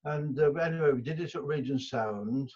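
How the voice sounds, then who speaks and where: With a slightly high, darkish voice at a moderate pace, an older man from England tells stories as a guest musician in a casual interview. He rambles, restarting often and filling pauses, over dull lo-fi audio.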